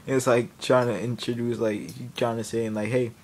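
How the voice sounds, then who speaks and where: A man's voice: mid-range voice, level tone, moderate pace, darkish tone, slight background noise. A man telling a comic story, rambling and laughing, often cutting himself off mid-sentence. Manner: rambling, laughing, self-interrupting. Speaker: vlogger. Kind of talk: comedic storytelling.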